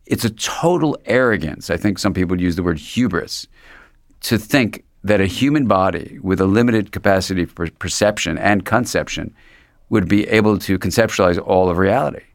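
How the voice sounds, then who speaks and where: A male psychiatrist, a guest in a reflective conversational interview, talks thoughtfully and meanders, restarting often. His voice sits low with vocal fry, and he speaks at a normal speed. The recording is clean studio sound with no echo.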